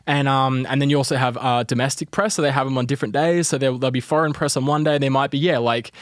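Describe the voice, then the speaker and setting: An Australian man talks through a casual podcast story in a mid-pitched voice. He rambles, with plenty of fillers along the way. He is recorded close and dry, with no room sound. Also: steady tone, fast, no echo. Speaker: entertainment reporter guest.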